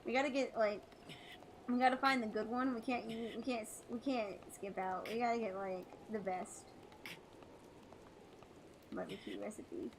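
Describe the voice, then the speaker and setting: Woman streamer rambling while she games, kinda high voice, lots of um and uh. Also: steady tone, measured pace, long pauses, a little hiss or hum, low-quality recording. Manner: rambling, many fillers and restarts. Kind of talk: casual chat while gaming.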